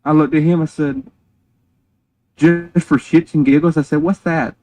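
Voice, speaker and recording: A man's voice: a little high, little pitch movement, normal speed, mellow, poor audio. Man telling a rambling joke story. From North Carolina, USA. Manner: rambling, joking, swears, laughs at his own story. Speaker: game streamer and firefighter. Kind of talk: casual storytelling chat.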